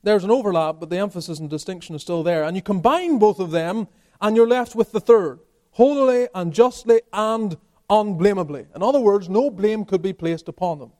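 A man with a high-pitched speaking voice preaches in church. He delivers an expository sermon, building emphasis and then dropping to quieter stretches. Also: expressive, brisk. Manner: emphatic preaching with rising and falling intensity. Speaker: pastor.

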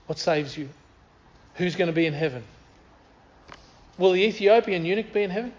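Male preacher, earnest and emphatic, reads scripture, slightly high voice, dull recording. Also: moderate pace, long pauses. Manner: earnest, emphatic, repeats key phrases. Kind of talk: sermon with scripture reading.

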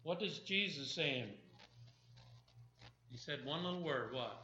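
A man with a high, piercing, very bright voice preaching an animated sermon and throwing questions at his listeners. The recording is echoey and sounds dull and lo-fi. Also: takes it slowly, pauses often. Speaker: pastor.

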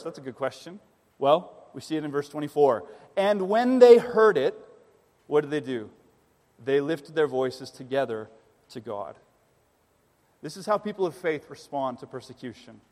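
Earnest male pastor in a reverberant church. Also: on the high side. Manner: earnest, emphatic preaching with rhetorical questions. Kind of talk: sermon. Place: church sanctuary. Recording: long reverb of a church hall.

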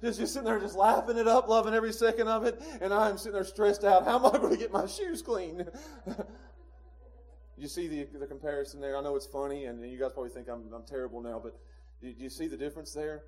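A man, preaching a sermon in a church, moving between quiet low passages and loud emphatic peaks with chuckles. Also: fairly even intonation, quick pace, hardly any pauses. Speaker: pastor. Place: church sanctuary.

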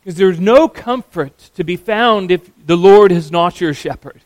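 A man preaching a sermon, earnest and emphatic, slowing down to stress key words. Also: high-pitched, no room sound.

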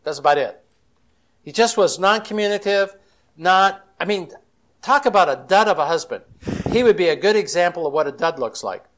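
A man's voice: high voice, lively intonation, fairly quick, a bit bright. A man speaking as a Christian counselor at a conference, telling stories in a folksy, chatty way and acting out the quotes. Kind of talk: storytelling conference talk.

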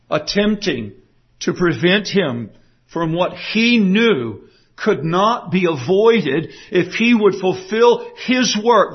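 Male preacher, high-pitched and animated, emphatic delivery, muffled recording. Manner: emphatic, dramatic quoting with wide swings of pitch. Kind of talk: sermon. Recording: dull lo-fi recording.

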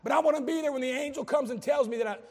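A man's voice: very high voice, rapid-fire, a little mellow, long reverb tail. A man preaching a sermon as a pastor, impassioned, with humorous asides.

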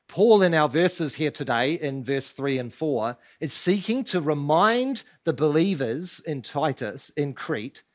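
Emphatic male preacher, rising and falling. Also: a little high. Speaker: pastor. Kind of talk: sermon. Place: church.

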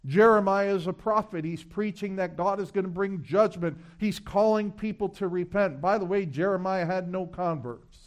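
A pastor preaching a sermon, emphatic, repeating phrases and reading scripture aloud. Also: male voice, high-pitched, normal speed, few pauses.

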